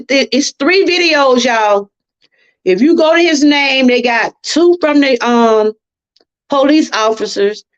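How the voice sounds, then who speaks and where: Woman, livestream host, fervent and preachy, talks straight to viewers, somewhat high voice, muffled lo-fi sound. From Georgia, US. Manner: impassioned, preachy, addresses viewers as y'all. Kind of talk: emotional livestream talk. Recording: dull lo-fi livestream audio.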